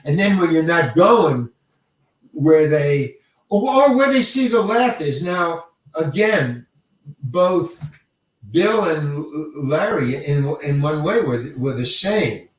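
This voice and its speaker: An older man, a veteran actor, spins animated stories, slipping into other people's voices and cursing freely. His voice sits a little high for a man. The room is echoey, and the mic sits some distance away. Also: takes it slowly. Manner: animated, acts out quoted lines, swears casually. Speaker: actor guest. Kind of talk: storytelling interview.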